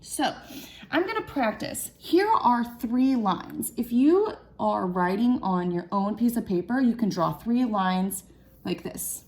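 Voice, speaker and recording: In a recorded lesson for young children, a young woman teacher speaks slowly and patiently, sounding out every word and clapping out syllables. Her voice is a little high, animated and a little mellow.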